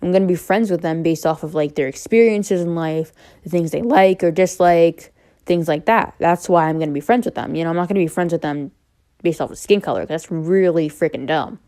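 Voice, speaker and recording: A young woman's fairly low, warm voice speaks unscripted to her camera. She rambles with frequent fillers and loses her thread at times, but stays candid and open about personal matters. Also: brisk. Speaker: vlogger.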